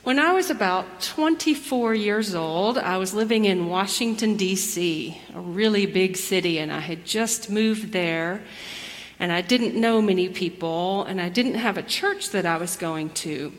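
A woman pastor giving a gentle children's message and sermon in church. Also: medium pitch, unhurried. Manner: gentle, storytelling. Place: church sanctuary. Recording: long church reverb.

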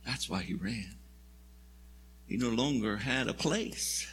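A man's voice: medium pitch, animated, takes it slowly, a bit bright, a little hiss or hum. A man preaching a sermon in a church, telling the story in a conversational, wry way. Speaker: pastor. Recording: long hall reverb.

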